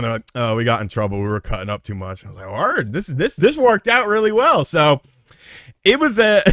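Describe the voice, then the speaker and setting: A man around thirty telling a story casually, acting out the quotes with big jumps in loudness and swearing freely. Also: no echo, studio quality. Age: late 20s or 30s. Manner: animated, acts out quotes with big swings in pitch and volume, swears freely.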